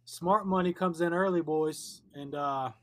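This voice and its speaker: A man's voice: on the high side, a little slow. A man co-hosting a fight-picks show, talking in a blunt, crude, offhand way. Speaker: regular co-host. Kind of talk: casual betting chat.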